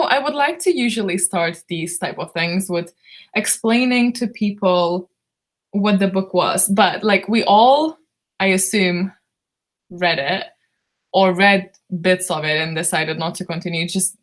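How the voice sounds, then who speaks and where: This Lithuanian woman is losing her voice, which sounds hoarse, tired, and fairly low as she talks at a measured pace. She runs a live book club stream, drifting sleepily and giggling through viewer comments.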